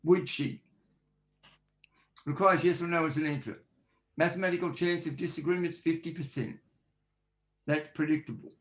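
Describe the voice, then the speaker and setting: Speaking as a forensic linguist on a podcast, a man explains things point by point, listing examples and acting out sample questions. His voice is fairly high, his intonation fairly even, and his pace brisk.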